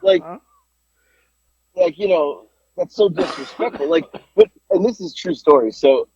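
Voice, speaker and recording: A man with a rough, breathy voice tells a story on a podcast in loose, casual chat. His pitch jumps around a lot as he rambles and restarts, and the sound is dry and slightly muffled, like a low-fi home recording. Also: expressive, measured pace, a little mellow, no echo. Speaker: podcast host.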